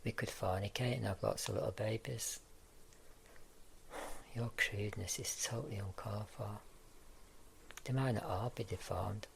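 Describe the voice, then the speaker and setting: A man's voice: lowish voice, steady tone, moderate pace, gravelly, long pauses, slight background noise. A man voicing a crude, sarcastic male sideshow freak in whispered role-play. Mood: pushy. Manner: sarcastic, blunt.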